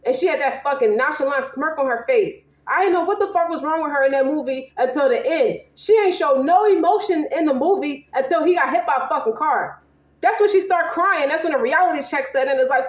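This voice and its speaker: A woman's voice: sits high, fairly quick, echoey room. A woman giving a casual tarot reading, slangy and profane, rambling and emphatic. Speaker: tarot reader.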